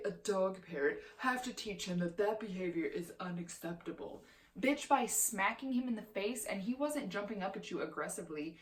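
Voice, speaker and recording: A woman in her twenties ranting as a vlogger, heated and profane, swearing constantly. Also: low-pitched. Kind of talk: heated opinion rant.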